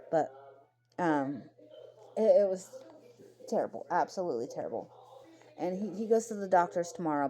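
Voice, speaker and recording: A woman's voice: fairly low pitch, dark tone. A young adult woman talking bluntly and emotionally in a casual commentary rant, swearing freely. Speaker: commentary vlogger.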